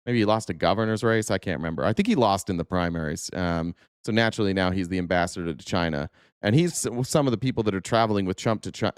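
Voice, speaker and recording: A man's voice: low-pitched, clear, resonant tone, no echo, clean studio sound. A man hosting a casual political commentary show, sarcastic and profane, firing off rhetorical questions. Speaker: host.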